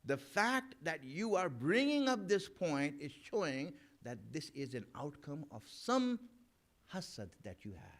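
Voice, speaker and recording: A male preacher gives a sermon in a conversational style. His voice sits fairly high and swings up and down with animated emphasis. He speaks to the audience directly as friends and acts out both sides of imagined arguments. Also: unhurried. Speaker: maulana giving a Muharram majlis talk. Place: Islamic center gathering.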